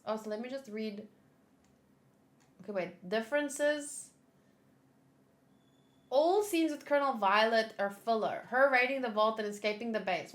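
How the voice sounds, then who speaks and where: Female reaction host, a bit high-pitched, bright tone, loose joking delivery. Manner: chatty, reads trivia aloud, laughs at own jokes. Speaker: anime reaction channel host. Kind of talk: casual reaction commentary.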